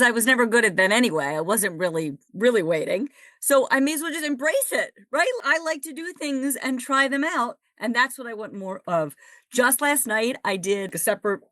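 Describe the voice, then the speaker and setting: Cheerful woman sharing on a dry call. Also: no room sound. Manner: cheerful, eager, bright rises in pitch. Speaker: coaching client on a group call. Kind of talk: casual sharing. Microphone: video call.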